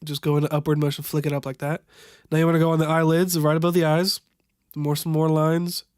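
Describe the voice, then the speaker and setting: A man's voice: fairly high pitch, flat delivery, a little mellow, clear, resonant tone, dry recording, clean studio sound. Young man ad-libbing a tutorial voiceover. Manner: halting, unscripted, stumbles over product names; wry, amused at the footage. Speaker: voiceover narrator. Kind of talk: improvised makeup tutorial voiceover.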